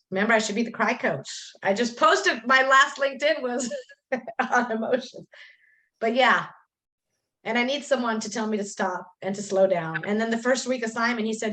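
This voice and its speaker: A woman's voice: on the high side, normal speed. A middle-aged woman on a video call, chatting emotionally and at length about her coaching journey, often acting out what she and others said. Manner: talkative, animated, quotes herself and others. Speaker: coaching student sharing her story.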